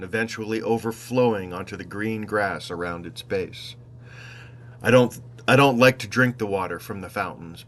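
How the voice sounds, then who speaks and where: Low-voiced man narrating a reflective travel tale. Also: a bit bright, a little hiss or hum. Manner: reflective, meandering, with wry asides; unhurried, self-correcting. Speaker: storyteller. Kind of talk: first-person travel story narration.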